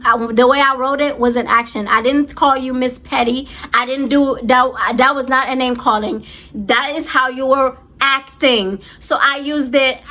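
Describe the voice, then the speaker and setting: A woman in her twenties telling a storytime vlog, emphatic and animated, on the verge of tears. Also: sits high. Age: 20s. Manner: animated, emphatic retelling with many repeats. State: close to tears. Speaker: vlogger.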